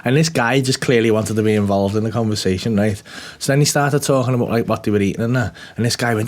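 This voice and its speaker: A man's voice: medium pitch, fast. A man co-hosting a podcast, telling a story in casual chat, swearing freely and laughing through it. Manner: swears a lot, laughs through his stories, mimics people he quotes. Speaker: podcast co-host.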